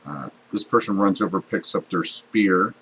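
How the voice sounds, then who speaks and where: A man's voice: low-pitched, moderate pace, fairly bright tone, husky, rough recording. A man running a tabletop game as game master, narrating the action and explaining rules with plenty of fillers.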